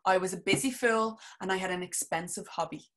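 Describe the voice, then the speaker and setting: A woman's voice: medium pitch, fairly quick, a bit bright. A woman, a business coach, chatting casually and eagerly to viewers on a live stream, rambling with restarts and frequent laughs.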